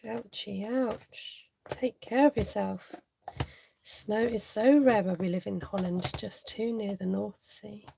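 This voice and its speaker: A woman's voice: medium pitch, unhurried, creaky, dark tone, slight background noise. A woman hosting a live card-making tutorial, chatting to viewers and laughing often as she works.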